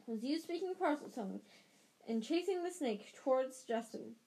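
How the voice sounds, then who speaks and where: A woman reading aloud as a suspicious, nervous schoolboy wizard who talks in a hushed, conspiratorial way. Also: high voice, lively intonation, normal speed, slightly rough, voice pushed up, full character voice.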